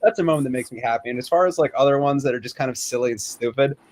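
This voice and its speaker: A man co-hosting a podcast, talking in a relaxed, casual way, full of "like" and hedges. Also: medium pitch, rapid-fire. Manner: relaxed, lots of likes and hedges. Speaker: podcast co-host. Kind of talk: casual chat.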